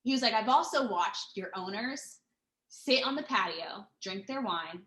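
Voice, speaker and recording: A woman's voice: medium pitch, lively intonation, measured pace, a bit bright. A woman telling a long story in casual chat, rambling and profane, with lots of fillers and restarts. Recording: roomy echo.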